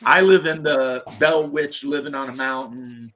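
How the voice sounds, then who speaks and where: Man, podcast host, rambling, swears freely, husky tone. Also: mid-range voice, fairly even intonation, a little slow, fairly bright tone. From Eastern Kentucky, USA. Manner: rambling, profane, blunt. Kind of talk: casual chat.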